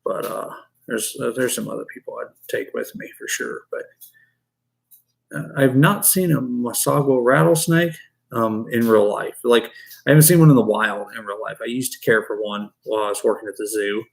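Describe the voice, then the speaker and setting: A reptile-keeping man chats casually with his stream viewers while he works, talking to the animals too. His mid-pitched voice has a gravelly fry running through it. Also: normal speed. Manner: chatty, talks to the animals and chat. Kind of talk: casual live-stream chat.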